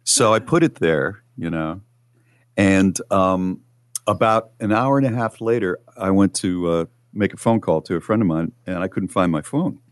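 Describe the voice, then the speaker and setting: A man with a fairly low voice hosts a talk show and spins a long, animated personal story. His pitch shoots up when he relives the frantic moments. The sound is dry and close. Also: normal speed, no echo. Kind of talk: casual storytelling.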